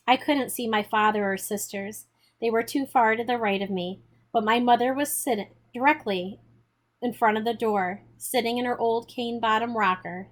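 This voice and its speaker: A woman reading a children's novel aloud in a steady, measured storytelling manner. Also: a little high. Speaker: audiobook reader.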